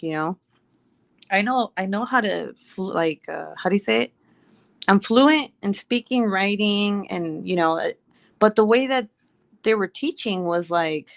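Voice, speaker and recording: A woman in her thirties from the United States, a native Spanish speaker, chats casually with her stream viewers in English with a Mexican Spanish accent. Her mid-range voice has a fairly bright tone on a dry recording, and she rambles, laughs often and swears freely.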